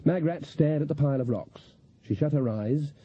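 A man giving a dry, measured scripted audiobook narration on a slightly dull lo-fi recording. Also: fairly high pitch, breathy edge, no echo.

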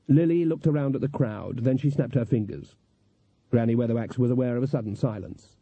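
A male audiobook narrator reading in an even, measured way. His voice is very dark with a husky edge. The recording is dry and somewhat dull, like a lo-fi studio read. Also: medium pitch, no room sound. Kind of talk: scripted narration.

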